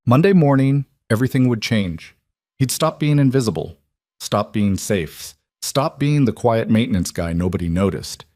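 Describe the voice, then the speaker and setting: A man giving steady, measured scripted story narration. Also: medium pitch, no echo, clean studio sound.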